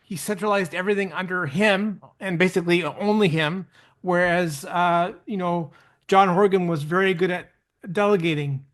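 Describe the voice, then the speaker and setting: A man giving relaxed political commentary in a casual podcast chat. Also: high voice, normal speed.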